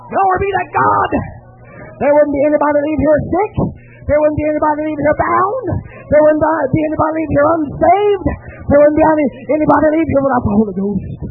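A man preaches with fervor, acting out a story between rising cries of praise. His voice sits very high. The sound is thin and phone-like, with faint music behind him. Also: a little fast. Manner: fervent, storytelling, exclaiming hallelujahs. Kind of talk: sermon. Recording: tinny lo-fi line with faint music.

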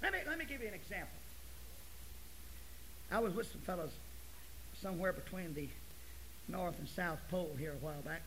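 A male preacher giving a folksy sermon, dropping to near-whispers and then rising to loud, forceful preaching. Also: high voice, lively intonation, fairly quick, long pauses, slight background noise, rough recording. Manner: folksy storytelling.

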